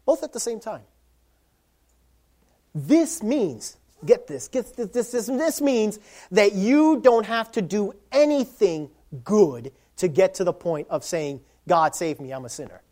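A man preaching a sermon, animated, swinging from loud emphasis to quiet low asides and acting out little scenes. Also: takes it slowly. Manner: animated, acts out voices of dads and kids. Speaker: pastor.

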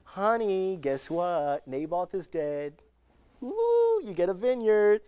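A preacher voicing a brisk, bossy scheming queen inside a sermon retelling. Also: medium pitch, wildly swooping pitch, fairly bright tone, no room sound. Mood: gleeful.

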